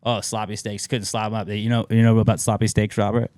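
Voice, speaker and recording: A man's voice: fairly low pitch, little pitch movement, quick pace, darkish tone, a little hiss or hum. A man co-hosting a podcast, chatting casually and telling rambling anecdotes full of fillers. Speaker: podcast co-host. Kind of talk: casual chat.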